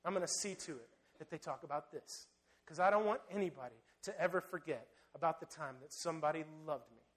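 Jesus as a soft, gentle grown man, speaking low, hushed and slow, as a preacher quotes him. Tender and unhurried throughout. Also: lightly acted.

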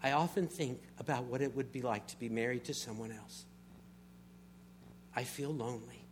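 A man's voice: medium pitch, normal speed, long pauses, slight background noise. A middle-aged man preaching a sermon, telling personal stories and building to emphatic passages. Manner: storytelling, builds to emphatic swells. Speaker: pastor.

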